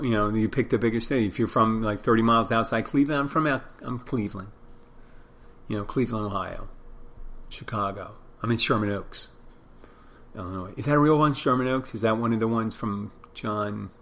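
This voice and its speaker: A man's voice: on the low side, a bit bright. A middle-aged man with a Philadelphia accent hosting a podcast alone, rambling through casual, profane asides about himself. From Philadelphia area. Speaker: podcast host. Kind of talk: casual solo monologue.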